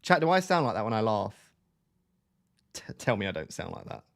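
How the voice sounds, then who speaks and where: A man's voice: fairly low pitch, sing-song, fairly quick, gravelly. A man with a nasal voice hosting a casual fantasy football live stream from his home setup, talking into a desk microphone, joking and reading chat aloud. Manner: chatty, jokey, drifts between topics.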